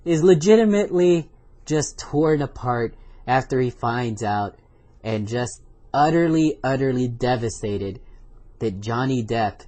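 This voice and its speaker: Low mellow-voiced podcast host. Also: male voice. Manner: loose, offhand and unedited, one-take delivery. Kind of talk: casual solo podcast narration.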